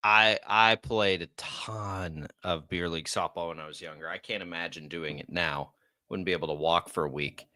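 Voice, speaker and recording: A bright, forceful man hosts a sports radio show with an American accent. He chats energetically and reads promos in a breezy way. The mic sound is dry and close. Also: low-pitched, moderate pace, dry recording. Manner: chatty, energetic, reads ad copy. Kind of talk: casual sports talk radio.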